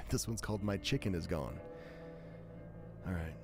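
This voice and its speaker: A man with a smooth, buttery voice hosting a live stream, chatting casually and self-deprecatingly between reading short horror stories aloud. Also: sits low, a little slow, over music. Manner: self-deprecating, joking, animated.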